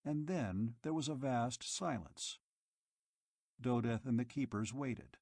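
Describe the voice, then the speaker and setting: A man narrating a science fiction short story with expressive storytelling. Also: mid-range voice, takes it slowly, over loud music. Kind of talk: scripted audiobook narration.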